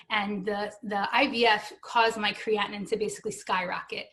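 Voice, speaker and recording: A woman in her thirties, a guest at a benefit stream, tells her personal story in an earnest, emotional way and acts out what other people said to her. Her voice sits at a medium pitch and is a bit bright, with fairly even intonation and a slightly fast pace.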